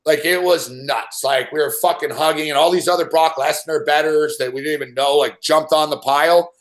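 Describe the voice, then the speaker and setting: Man, betting show host, casual storytelling, constant swearing, slightly high voice. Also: fairly quick. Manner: swears constantly, rambling and excitable.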